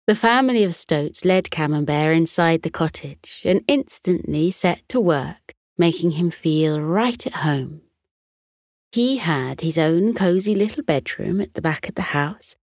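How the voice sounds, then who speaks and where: A British woman narrating a children's bedtime story in a soft, soothing manner. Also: low voice, no room sound, clean studio sound.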